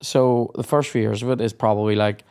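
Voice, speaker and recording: A man's voice: on the low side, steady tone, brisk, smooth. A young man, hosting a podcast and telling sweary school stories in casual chat. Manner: sweary storytelling, acts out shouted quotes. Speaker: podcast host.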